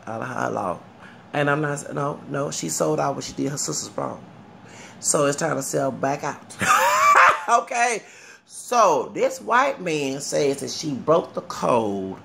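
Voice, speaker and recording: A Southern man with a gravelly, creaky voice rambles through a casual commentary rant, often asking the viewer if they follow him. A faint hiss of noise sits under his talk. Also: mid-range voice, big pitch swings, measured pace, a bit bright. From Texas. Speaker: vlogger.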